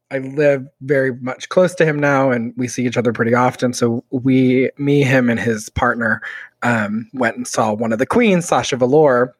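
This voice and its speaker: A man co-hosting a casual podcast, animated and dramatic in his reactions. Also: mid-range voice, no room sound. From Mexico. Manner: animated, dramatic, quick to exclaim. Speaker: podcast co-host. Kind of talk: casual chat.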